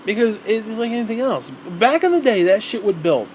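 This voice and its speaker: Profane rambling man, fairly high voice. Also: big pitch swings, fairly quick, darkish tone, slight background noise. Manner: profane, rambling, repeats himself, heated. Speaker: vlogger. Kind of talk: rambling monologue rant.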